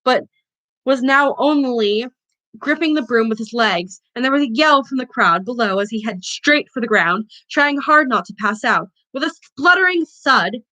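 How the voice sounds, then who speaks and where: A woman reads a novel aloud for a book club, pausing to correct her own slips. Her voice is bright and sits a little high. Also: rough recording.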